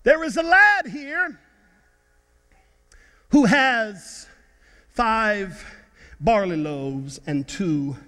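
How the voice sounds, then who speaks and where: Preacher playing a sarcastic male disciple, high voice, long echo. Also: lively intonation, extremely slow, pauses often, sharp tone, heavily acted. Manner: sarcastic, dismissive.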